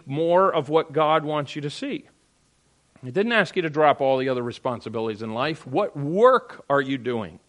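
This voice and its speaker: Animated middle-aged male pastor preaching. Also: on the high side, normal speed. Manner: animated preaching, rising to loud emphatic peaks; asks the congregation rhetorical questions. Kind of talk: sermon.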